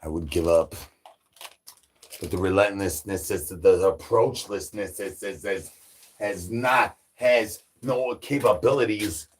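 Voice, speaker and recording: A man's voice: deep voice, slow pace, a little hiss or hum. A man delivering absurd comedy, rambling through nonsense with rhyming wordplay and stutters. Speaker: comedy channel creator.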